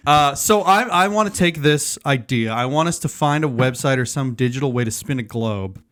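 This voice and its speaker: A man's voice: medium pitch, lively intonation, normal speed, fairly bright tone, slight background noise. A man guest on a casual podcast, rambling playfully and laughing as he explains a game.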